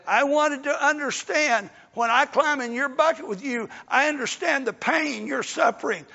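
High gravelly older preacher. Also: male voice, moderate pace, hardly any pauses. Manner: folksy, rising to shouts then dropping soft. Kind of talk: sermon. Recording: dull lo-fi recording in a reverberant hall.

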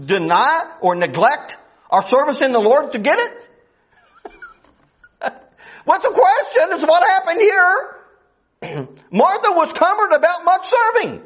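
A man delivers a folksy sermon in a strikingly high voice that rises and falls widely. He grows fervent as he presses his point. The recording is dull and lo-fi. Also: wildly swooping pitch, unhurried, pauses often, fairly bright tone. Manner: folksy, rising into fervent preaching. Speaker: preacher.

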